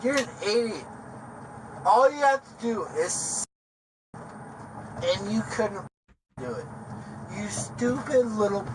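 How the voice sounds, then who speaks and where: A man under arrest, rambling and taunting erratically in a police car, swinging between loud outbursts and mutters. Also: high voice, expressive, slow pace, pauses often. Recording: noisy police bodycam audio.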